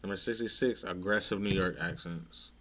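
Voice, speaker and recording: A man's voice: low-pitched, normal speed, pushed and bright. A young adult man ranting casually to his viewers, blunt and profane, getting exasperated at times. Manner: laid-back, blunt, profane, rises to exasperation. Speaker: content creator ranting to viewers. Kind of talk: casual opinion rant.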